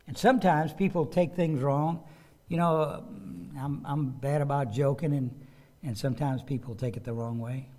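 A pastor preaches a sermon conversationally, often repeating words and putting questions to his listeners. His voice is mid-range, steady and darkish, at a moderate pace. The microphone seems to have a loose connection.

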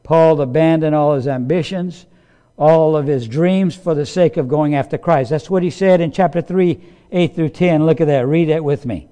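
A man preaching a sermon, emphatic, repeating key phrases and swelling louder on his points. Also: on the high side, clear, resonant tone. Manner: slow, deliberate delivery. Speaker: pastor.

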